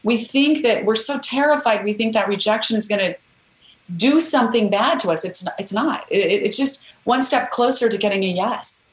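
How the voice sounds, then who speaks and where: A woman's voice: on the high side, moderate pace, reverberant, low-quality recording. A woman guest author telling a story in a podcast interview, earnest and encouraging.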